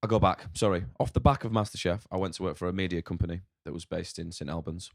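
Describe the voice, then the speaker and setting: Speaking fast in a very low, deep, creaky voice, a chef from the north of England rambles through a casual podcast interview. He is blunt, frank and swears heavily. The recording is dry and close, with no echo.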